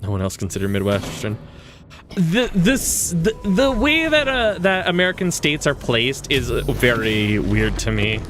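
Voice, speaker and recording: A man from Western Canada talks casually as he streams a game, with a voice of ordinary, middling pitch. He wanders between topics, stops and restarts his sentences, and breaks into short chuckles. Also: very animated, unhurried, over music. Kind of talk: casual gaming stream chat.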